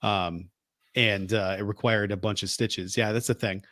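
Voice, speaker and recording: A man's voice: lowish voice, normal speed, no room sound. Chatty man, bone-dry sound. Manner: chatty, self-deprecating, animated storytelling. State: getting over a cold. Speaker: podcast co-host. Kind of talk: casual chat.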